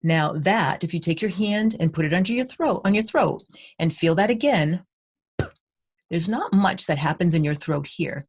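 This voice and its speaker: A woman's voice: fairly low pitch, lively intonation, moderate pace, husky. A woman literacy educator giving a recorded conference presentation, explaining and guiding listeners through speech-sound exercises.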